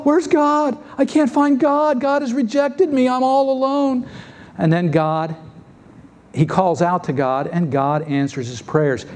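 A man preaching a sermon as pastor, lively and acting out the voices of biblical figures. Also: a little high. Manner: lively, acts out scripture voices. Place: church sanctuary.

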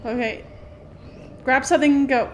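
High-pitched and fairly even in intonation, a woman streams a horror game at a moderate pace against slight background noise. Her let's-play commentary is full of startled exclamations and chatter aimed at the characters and viewers.

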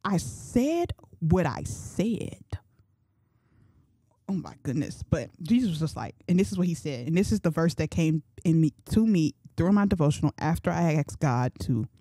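A woman's voice: deep voice, lively intonation, brisk, warm tone, breathy edge, no echo, clean studio sound. A young woman in her twenties hosting a podcast, talking about faith in a chatty, slangy way and thinking aloud. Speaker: podcast host. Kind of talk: casual faith talk.

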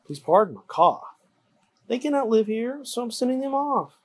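A reader voicing a grumpy old male forest creature, croaking and scolding in a storybook read-aloud. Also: mid-range voice, lively intonation, normal speed, pitched above the performer's own voice, close to an everyday voice. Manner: scolding, indignant.

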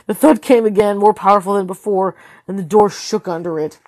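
A woman's voice: medium pitch, a little fast, no echo. Tired woman reading a story aloud. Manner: steady reading with occasional slips and self-corrections. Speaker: storybook reader. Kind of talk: read-aloud narration.

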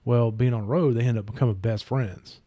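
A young man with a mellow, warm voice spins a long story on a podcast. He rambles and swears, leaning on lots of fillers. His voice sounds dry and close, with no room around it. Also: mid-range voice, steady tone, brisk, dry recording. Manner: rambling and profane, full of fillers. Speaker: podcast host. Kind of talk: casual storytelling chat.

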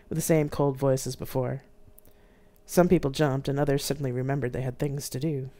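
Narrating briskly at a medium pitch, an author performs a dramatic, expressive live-streamed reading of their own novel.

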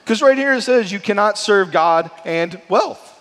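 A male pastor preaching a sermon in a lively, conversational way, often checking in with "right?". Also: sits high, moderate pace. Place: church sanctuary. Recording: long church hall reverb.

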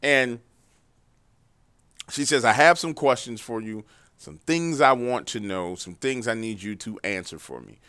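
A man's voice: medium pitch, a little slow, fairly bright tone, no echo, studio quality. A man hosting a paranormal story show, casually retelling callers' encounters in a loose, profane, conversational way while driving.

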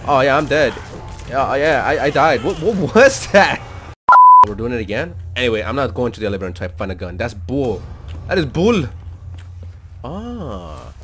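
A man hosting a gaming channel, giving let's-play commentary in an excitable, slangy way and jumping into loud outbursts. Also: mid-range voice, moderate pace, noisy background.

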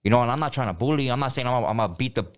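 A man's voice: mid-range voice, very fast. A middle-aged man telling a story in a casual interview, rambling, repeating himself and using plenty of street slang. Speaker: podcast guest.

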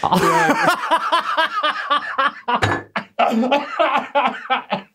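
A man's voice: very high-pitched, expressive, very slow, pushed and bright. A man co-hosting a podcast who tells stories in casual chat, swearing freely and laughing often. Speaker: podcast co-host.

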